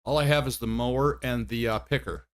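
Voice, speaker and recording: A man's voice: mid-range voice, steady tone, brisk, clean tone. A man giving casual commentary while streaming a game, chatty and thinking aloud, often laughing at himself. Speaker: livestreamer.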